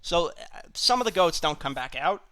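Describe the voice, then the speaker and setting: A man's voice: fairly high pitch, sing-song, moderate pace, sharp tone. A man running a tabletop game as game master, talking hesitantly and apologizing as he fumbles with the tools.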